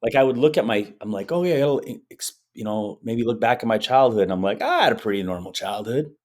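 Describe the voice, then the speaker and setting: A man's voice: fairly low pitch, animated, quick pace, darkish tone. A man who is a guest on a podcast interview, telling personal stories in an earnest, emotional way and acting out the quotes. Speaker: guest, hypnotherapist. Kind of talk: conversational interview storytelling.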